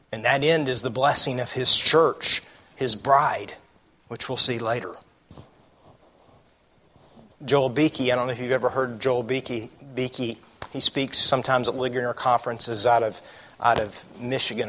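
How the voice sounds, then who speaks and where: A man's voice: medium pitch, bright, forceful tone. A man preaching a sermon as a pastor, reading scripture aloud and asking the congregation rhetorical questions. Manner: reads scripture aloud with emphasis.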